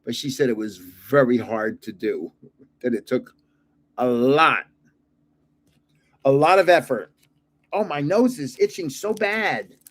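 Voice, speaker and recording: A man's voice: medium pitch, lively intonation, takes it slowly, pauses often. An older man hosting his own channel, chatting casually while opening card packs and chuckling at his own guesses. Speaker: card-collecting channel host. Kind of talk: casual pack-opening chat.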